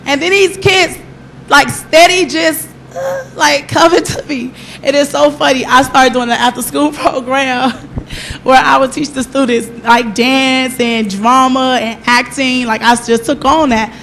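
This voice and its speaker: Her voice is high-pitched, a bit bright, and a little slow, with a faint hiss or hum in the background. A middle-aged woman, she shares her testimony at church, animatedly recounting events and voicing the people involved.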